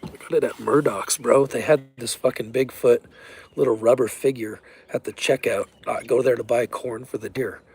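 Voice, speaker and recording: A vlogger from Colorado, USA, addresses his camera in a loose, rambling monologue, cursing freely and getting excitable as he spins conspiracy talk. His medium-pitched voice moves at normal speed with a gravelly edge and husky grain.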